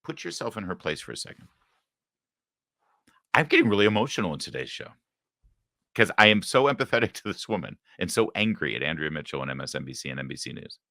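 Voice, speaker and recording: A man with a deep yet bright, forceful voice hosts a political talk show. He comments with indignation and emotion. The sound is dry and close. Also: big pitch swings, quick pace, creaky, long pauses, dry recording. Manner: emotional, indignant, rising to heated outbursts. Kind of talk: opinionated commentary.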